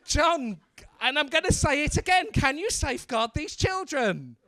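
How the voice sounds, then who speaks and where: A man working as the MC at a stand-up comedy night, bantering loudly with the crowd and mocking himself. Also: extremely high pitch, big pitch swings, moderate pace, no echo. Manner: loud, swearing, self-mocking banter. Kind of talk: crowd work between acts. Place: comedy club.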